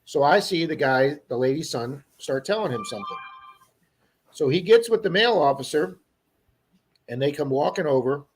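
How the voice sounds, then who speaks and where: A man co-hosting a livestream, telling an animated story to his viewers in a casual chat. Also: a little high, normal speed, pauses often, slightly rough. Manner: animated storyteller who acts out quoted people. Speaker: livestream co-host.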